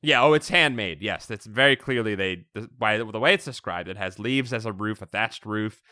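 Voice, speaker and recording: A man co-hosting a podcast, recapping a story in casual chat, animated and laughing often. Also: fairly low pitch, brisk, no echo, studio quality. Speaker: podcast co-host.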